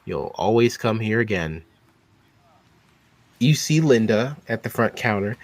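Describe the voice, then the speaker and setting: Lively-voiced male game master. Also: fairly low pitch, unhurried, long pauses, dry recording. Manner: relaxed, descriptive, some fillers. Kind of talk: narrating a tabletop game.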